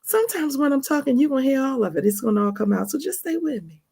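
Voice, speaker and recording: Chatty gravelly Baltimore woman. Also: high voice, lively intonation, quick pace, a little mellow. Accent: Baltimore with some Texas. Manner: chatty, calls listeners honey and y'all; laughs often mid-sentence. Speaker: podcast host. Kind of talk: casual spoken monologue.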